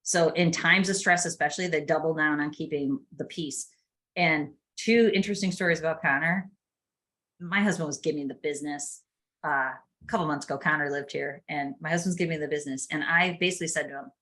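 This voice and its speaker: A woman's voice: low voice, steady tone, fairly quick, fairly bright tone. A middle-aged woman hosting a podcast, telling family stories in a chatty, casual way with laughs. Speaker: podcast host. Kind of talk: casual chat.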